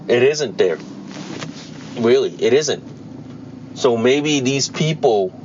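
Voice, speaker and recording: A man's voice: medium pitch, dull audio, a little hiss or hum. A man in his forties hosting a solo podcast, ranting bluntly and repeating himself emphatically, with occasional swearing. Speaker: podcast host. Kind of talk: solo opinion monologue.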